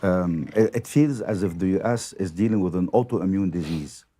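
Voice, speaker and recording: Low, dark-voiced priest, measured. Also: male voice, breathy edge. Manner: measured, with many "uh" fillers. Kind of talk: casual chat.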